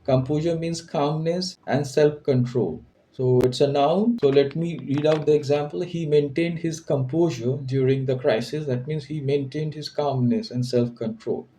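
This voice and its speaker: A man's voice: on the high side, moderate pace, hardly any pauses, dark tone, a little hiss or hum, poor audio. A man teaching an English vocabulary lesson, patiently repeating and restating each word's meaning.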